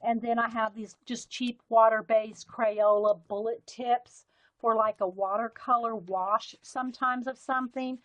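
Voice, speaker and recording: A woman's voice: fairly high pitch, fairly even intonation, a little slow, a bit bright. A woman with a light Southern US accent, hosting a casual live stream and chatting as she demonstrates pens and markers, rambling and easily sidetracked. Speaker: livestream art host.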